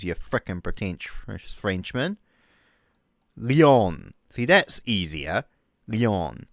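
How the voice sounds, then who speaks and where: A man rants in mock outrage, swearing freely. His voice is smooth and clear, recorded close and dry, and he talks slowly with lively swings in pitch. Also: no room sound. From New Zealand. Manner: mocking, exasperated, swears a lot. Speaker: comedic youtuber. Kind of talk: comedic rant over a map.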